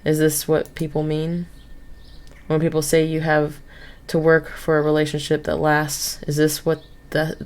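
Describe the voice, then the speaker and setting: A woman's voice: sits low, big pitch swings, normal speed, vocal fry, a little mellow. A woman streamer reading a visual novel game aloud, stopping for asides and correcting her own misreads. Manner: reads game text with asides and self-corrections. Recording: game music behind the voice.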